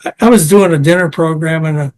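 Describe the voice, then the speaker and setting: A man's voice: fairly high pitch, fast talker, darkish tone. A man being interviewed as a health science expert, talking in a digressive way and mixing anecdotes with technical detail. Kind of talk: conversational interview.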